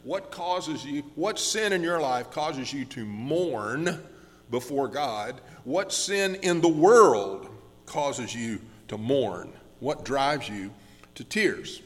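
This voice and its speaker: A man preaching a sermon as pastor, earnest and slowing down on key words, with frequent restarts. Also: mid-range voice, lively intonation, a bit bright, big-room sound. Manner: earnest, slows down for emphasis with many restarts.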